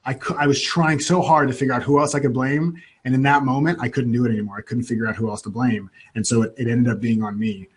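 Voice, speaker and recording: Husky-voiced man telling his story. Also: medium pitch, quick pace, few pauses. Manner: animated, with frequent restarts. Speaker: guest. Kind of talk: personal storytelling in an interview.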